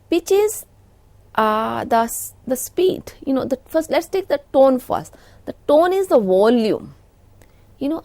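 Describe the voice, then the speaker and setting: Explaining her points in a recorded lecture, this middle-aged woman leans often on "you know." She has an Indian English accent and a slightly high, dark-toned voice, captured without echo.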